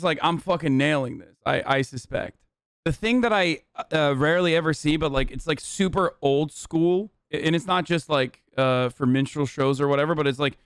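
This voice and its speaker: A man's voice: on the high side, fairly bright tone, smooth, no room sound, clean studio sound. A man in his thirties commenting bluntly and with plenty of profanity while reacting to a clip on a live stream.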